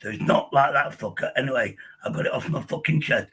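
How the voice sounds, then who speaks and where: A man's voice: medium pitch, quick pace, a bit bright, slightly rough, rough recording. A man hosting a livestream, angrily swearing and interrupting in a heated argument, losing his voice. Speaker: livestream host.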